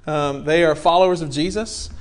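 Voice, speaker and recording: High-voiced pastor guy in his 40s, animated, jokey, acts out his story. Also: normal speed. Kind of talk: sermon storytelling.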